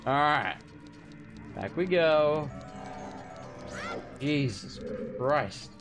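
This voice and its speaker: Over game music, a young male streamer does a blind let's play, muttering to himself while he gets lost and irritated and cursing frequently. His voice is a little high and animated, with drawn-out words.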